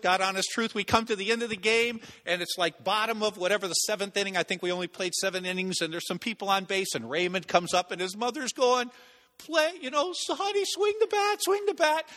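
A male pastor preaches with a high, bright, ringing voice. He tells a story with lively, animated delivery, now and then acting out the people in it. His voice carries a long reverb, as in a large sanctuary. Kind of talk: sermon with personal story.

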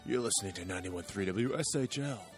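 Fast-talking young male radio co-host. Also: on the low side, faint music behind. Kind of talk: casual radio banter. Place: college radio studio.

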